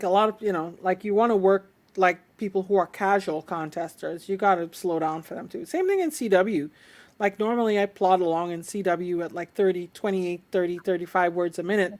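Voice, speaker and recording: A woman with an alto voice, hosting a casual chat and explaining things in a chatty way. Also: medium pitch. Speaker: host.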